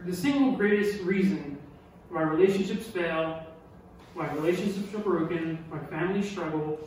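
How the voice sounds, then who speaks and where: A man preaching a sermon, animated and emphatic, who repeats key lines and asks his listeners questions. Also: sits high. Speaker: pastor. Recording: echoey hall from far off with faint noise.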